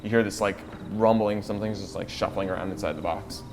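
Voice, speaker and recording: A man's voice: fairly low pitch, fairly even intonation, fast talker. A man narrating as game master of a tabletop game, describing scenes with fillers. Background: background music.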